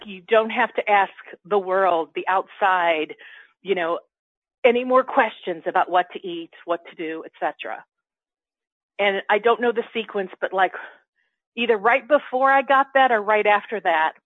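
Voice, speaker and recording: A woman telling a personal story in casual spiritual chat, acting out her inner dialogue with animated quoted voices. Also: mid-range voice, a little slow, no room sound. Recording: dry, tinny phone-like line.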